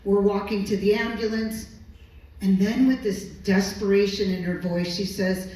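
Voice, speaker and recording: A woman who works as a medical interpreter tells a personal story on stage, slow, earnest and emotional. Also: mid-range voice, flat delivery, mellow. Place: stage at a live storytelling evening. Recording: echoey hall, distant mic.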